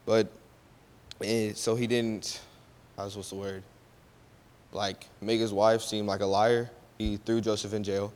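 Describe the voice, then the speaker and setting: A man's voice: on the low side, flat delivery, normal speed, a little mellow. A man casually retelling a Bible story, often checking in with his listeners and correcting his own slips. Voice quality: loose and conversational, often checks with "right?" and corrects himself. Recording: long hall reverb.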